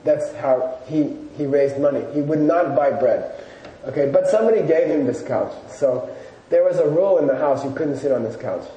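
A slightly high but dark-toned male voice belongs to a Buddhist teacher lecturing casually before a live audience at a moderate pace. He chats and tells stories with loose fillers. A distant mic in an echoey room picks him up, along with faint noise.

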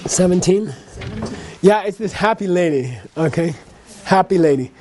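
High-voiced man teaching Buddhism. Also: lively intonation, moderate pace, darkish tone, a little hiss or hum. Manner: conversational, frequent "okay?" and "you know". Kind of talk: teaching a class.

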